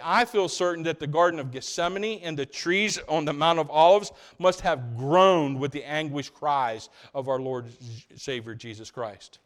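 A man preaches to his congregation in a fairly high-pitched voice. He swings between loud, stressed lines and quiet, low passages. He often stops to ask his listeners rhetorical questions. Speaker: pastor. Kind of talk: sermon.

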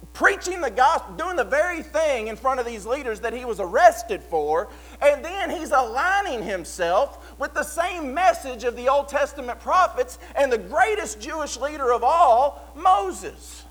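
A pastor preaching a sermon, swinging between fervent loud passages and hushed earnest ones. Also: male voice, extremely high pitch, low-quality recording.

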